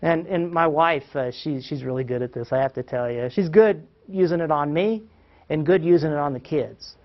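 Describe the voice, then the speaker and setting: A man's voice: fairly high pitch, normal speed. Man teaching parents in a dull recording. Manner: asks the audience questions, acts out quotes, chuckles. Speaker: parenting workshop presenter. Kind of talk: lively classroom-style teaching talk.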